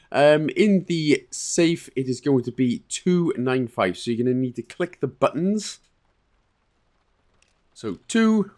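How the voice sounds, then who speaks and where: A man casually talking through a puzzle game walkthrough, relaxed and chatty, with fillers and quick self-corrections. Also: medium pitch. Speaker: game guide creator.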